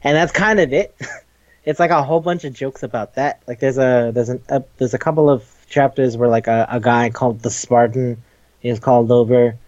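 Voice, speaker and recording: A man's voice: medium pitch, fairly even intonation, moderate pace, a little mellow, no echo. Podcast host, male, loose and rambling, laughs a lot, swears freely, dull lo-fi dry sound. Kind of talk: casual manga review chat.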